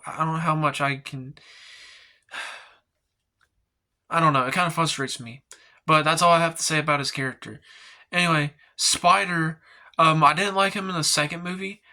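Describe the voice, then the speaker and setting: A man reviews a film in a loose, unscripted ramble, leaning on "like" and "um" and swearing often. His voice is very bright and cutting, and somewhat high for a man. He talks slowly and sounds fed up. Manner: rambling, heavy filler words, frequent swearing; exasperated, ranting. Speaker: movie reviewer. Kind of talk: casual spoken film review.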